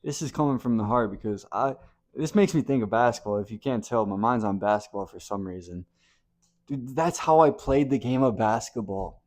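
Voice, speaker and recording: A man giving a motivational talk to camera, blunt and impassioned, swinging from hushed to loud and swearing casually. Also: mid-range voice, normal speed. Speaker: motivational speaker.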